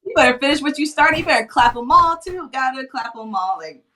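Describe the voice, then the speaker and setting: A woman co-hosting a casual review chat, making emphatic remarks and quick reactions. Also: high-pitched, animated, bright, forceful tone. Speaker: co-host.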